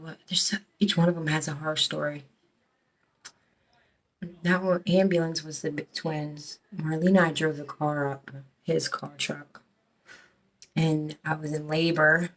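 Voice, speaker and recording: Low-voiced middle-aged woman telling her story. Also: fairly even intonation, unhurried, long pauses. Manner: rambling, profane, emotional, many restarts. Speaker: storyteller recounting her past. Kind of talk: casual personal storytelling.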